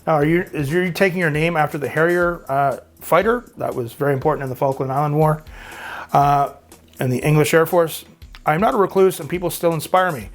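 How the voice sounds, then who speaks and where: A Canadian man in his fifties talks in an easygoing, rambling way, with plenty of filler words, as he reads viewer comments aloud. His voice sits a little high for a man. Soft music plays faintly behind him. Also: a little fast. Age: 50s. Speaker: YouTube host. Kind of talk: casual chat reading viewer comments.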